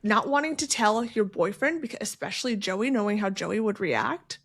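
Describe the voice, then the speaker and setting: A woman co-hosting a book podcast, talking casually and emphatically. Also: medium pitch. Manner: emphatic and expressive, quick to react with disgust. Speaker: podcast co-host. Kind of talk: casual book-club chat and reading aloud.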